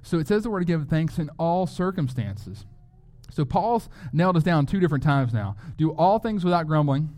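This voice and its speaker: A man's voice: fairly high pitch, animated, normal speed, darkish tone. A man preaching a sermon as a pastor, in a conversational way, often asking rhetorical questions.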